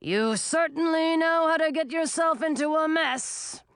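A woman reading aloud, voicing a huge, gruff male ice dragon with a slow, growling delivery. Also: high voice, fairly bright tone, no echo, clean studio sound, voice pushed up. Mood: dry. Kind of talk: audiobook character voice.

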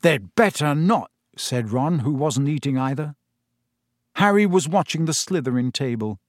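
This male audiobook narrator delivers scripted narration of a novel at a steady storyteller's pace. His pitch is medium, with a dry, clean studio recording.

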